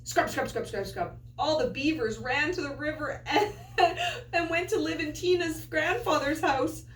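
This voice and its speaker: A woman teacher reading a picture book aloud to children, an animated storyteller with playful asides. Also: high voice, normal speed, slight background noise. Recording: echoey room, far from mic.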